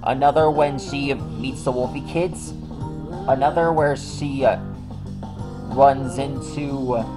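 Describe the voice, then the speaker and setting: A man's voice: mid-range voice, steady tone, slow pace, music in the background, rough recording. A man hosting a drawing show, chatting casually in a rambling way with many fillers and restarts. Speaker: host of a drawing channel. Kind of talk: casual chat while drawing. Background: song playing in the background.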